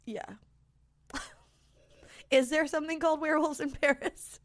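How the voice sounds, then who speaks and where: A woman co-hosting a podcast in casual chat, giggly and chiming in with quick agreement. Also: high-pitched, fairly even intonation. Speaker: podcast co-host.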